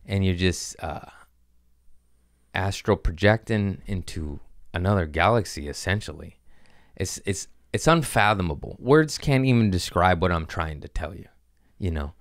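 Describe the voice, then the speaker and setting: Man, comedian, very low voice, dry close sound, rambling, profane, earnest, casual podcast talk. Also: expressive, measured pace, no echo. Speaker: comedian guest.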